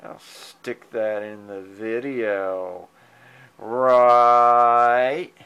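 Slow, smooth-voiced man coaxing his cats. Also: mid-range voice, flat delivery, lo-fi sound. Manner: fond, coaxing pet talk, meows at the cats, soft chuckles. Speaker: cat owner filming his pets. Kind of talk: casual talk to his cats. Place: at home indoors. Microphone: handheld digital camera mic.

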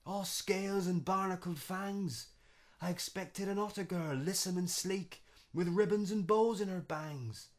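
A man voicing a vain, pompous otter king with a booming, indignant manner in a storybook verse reading. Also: flat delivery, a little slow, natural voice. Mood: aghast.

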